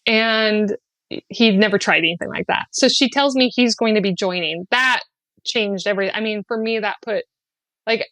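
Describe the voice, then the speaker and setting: A woman's voice: normal speed, no room sound. A middle-aged woman, a podcast guest, telling an emotional personal story, raising her voice for quotes and laughing often. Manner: animated, quoting with raised pitch and laughing.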